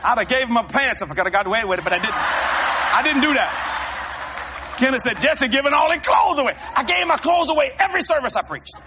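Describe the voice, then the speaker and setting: An American man preaching a sermon, telling stories in an animated way, shouting and laughing as he goes. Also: very high-pitched, fairly quick, a crowd in the background, noisy background. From United States. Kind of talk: storytelling sermon.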